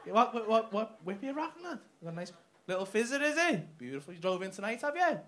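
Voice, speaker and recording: A man's voice: high voice, sing-song, fast. A man doing crowd-work stand-up on a comedy club stage, brash and sweary, teasing audience members. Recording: noisy live club recording. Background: audience laughter.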